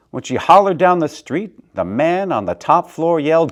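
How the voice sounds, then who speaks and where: A man reading a children's picture book aloud, swinging between soft and loud in an expressive way. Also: fairly high pitch, normal speed, hardly any pauses. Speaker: storyteller, theater director.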